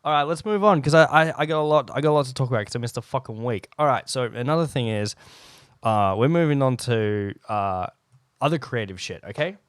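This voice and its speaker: A young Australian man hosting a casual solo podcast, rambling and animated and swearing often, talking close to the microphone. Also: mid-range voice, brisk, clean tone, no echo. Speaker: podcast host. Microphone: close podcast mic.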